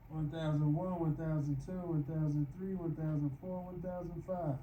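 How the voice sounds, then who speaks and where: A man's voice: fairly high pitch, steady tone, normal speed, roomy sound, distant mic, muffled recording, slight background noise. A man narrating his knee rehab workout in a casual vlog, counting reps aloud while straining with effort on the floor. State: exerting himself. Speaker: vlogger doing knee rehab exercises. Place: home room, lying on the floor.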